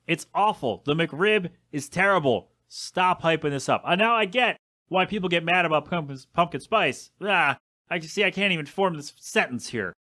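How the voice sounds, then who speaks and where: A man's voice: on the high side, animated, moderate pace, bright, forceful tone, no room sound, clean studio sound. A young adult man hosting a casual solo podcast, rambling and complaining in an exasperated way with some swearing. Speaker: podcast host.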